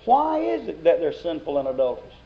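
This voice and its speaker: A man's voice: on the high side, wildly swooping pitch, a little fast, creaky. A man preaching a sermon, building to emphatic outbursts. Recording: lo-fi dull recording.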